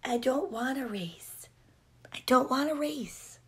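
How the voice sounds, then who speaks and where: A woman voicing a shy, timid little male dog in a storybook, speaking softly and hesitantly. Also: high voice, animated, takes it slowly, exaggerated voice.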